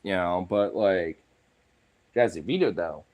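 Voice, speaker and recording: A man's voice: low-pitched, measured pace, darkish tone. A man vlogging in a rambling, filler-heavy casual chat, now and then talking to his dogs.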